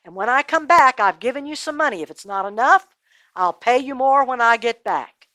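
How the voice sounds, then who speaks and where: A generous traveler, played by a woman storyteller, gives calm, reassuring instructions in a fairly high voice. The sound is close and dry. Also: moderate pace, no room sound. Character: kind traveling man who helps a stranger.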